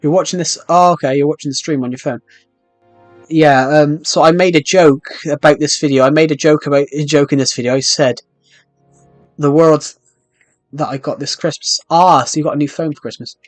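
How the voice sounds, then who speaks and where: A man's voice: on the high side, steady tone, brisk, no room sound, faint music behind. A young British man chatting casually while streaming a game, rambling with frequent restarts. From United Kingdom. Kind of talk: casual live-stream chat while playing.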